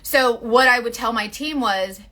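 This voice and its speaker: A woman in her forties with a fairly high, pushed and bright voice chats at a measured pace. She rambles casually about leading a makeup sales team, full of "like," asides, and self-interruptions.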